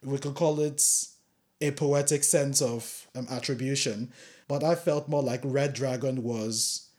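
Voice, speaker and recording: Brief: male podcast co-host, analytical, relaxed chat. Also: medium pitch, a little slow. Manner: analytical, loose, with fillers. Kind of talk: casual film discussion.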